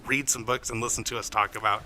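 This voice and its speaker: A man's voice: mid-range voice, fairly even intonation, fast, sharp tone, slight background noise. A man co-hosting a podcast in casual, jokey banter, laughing often, recorded on a table microphone inside an open bookstore. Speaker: podcast co-host. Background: faint shop ambience.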